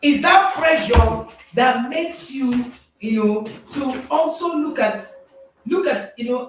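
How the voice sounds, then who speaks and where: A woman with a Nigerian accent, a parenting coach speaking to a live audience in an animated way, often laughing and checking in with listeners. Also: high-pitched, unhurried, noisy background. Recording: very echoey, distant mic.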